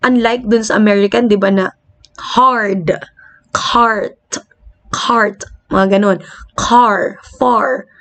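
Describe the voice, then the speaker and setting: A woman's voice: mid-range voice, fairly even intonation, slow. A young Filipino woman teaching an online lecture in a chatty, casual way, with a Filipino accent and frequent laughs and fillers. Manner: chatty, laughs often, uses many fillers. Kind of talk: casual online lecture mixing English and Tagalog.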